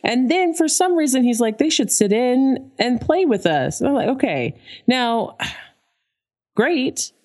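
A podcast co-host with a high-pitched voice talks at a slow pace while casually going over a cartoon episode. She animatedly voices the characters she quotes, laughing as she goes.

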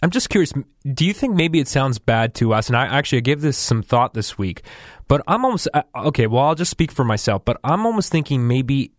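Male podcast co-host, mid-pitched, relaxed recap delivery, dry close mic. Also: brisk, dry recording. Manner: easygoing, hedging, thinks aloud. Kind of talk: casual chat and episode recap.

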